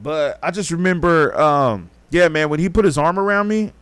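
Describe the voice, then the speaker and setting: This podcast host speaks at a moderate pace in a high-ish, slightly bright voice with a clean tone and no echo. Telling his story in a rambling, profane way, he performs other people's lines.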